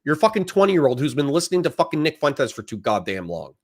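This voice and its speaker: A man's voice: medium pitch, big pitch swings, fast talker. A man live-streaming commentary on a debate, ranting and swearing in exasperation. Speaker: livestreamer reacting to a debate.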